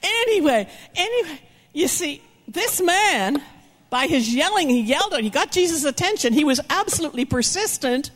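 An older woman preaching with lively, storytelling energy, her voice pitched a bit high. She acts out the people in her stories, swinging from shouts to hushed asides. The sound carries the long reverb of a big hall. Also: moderate pace. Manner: animated, acts out characters with shouts and whispers. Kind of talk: sermon storytelling.

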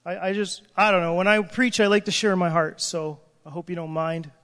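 A man's voice: high voice, flat delivery, fairly quick, a bit bright. A man preaching an emotional sermon, crying out in prayer and breaking off mid-sentence. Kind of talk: impassioned sermon. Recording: long hall reverb.

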